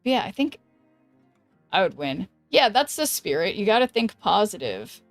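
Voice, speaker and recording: A woman streamer chatting casually while she plays a card game, thinking aloud and greeting viewers, with a voice that is going hoarse. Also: mid-range voice, very animated, moderate pace, no echo, faint music behind. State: losing her voice. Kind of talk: casual gameplay commentary.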